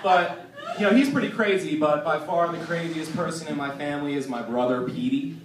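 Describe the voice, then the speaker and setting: A man's voice: a little high, brisk. A man performing a stand-up comedy set, telling loose, profane stories with lots of fillers. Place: comedy venue stage. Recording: echoey room, distant mic, noisy.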